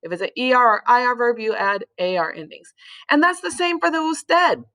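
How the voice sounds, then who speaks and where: Brief: female teacher, a bit high-pitched, patient explainer with fillers. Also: animated, brisk, sharp tone. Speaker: Spanish teacher. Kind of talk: recorded classroom lesson.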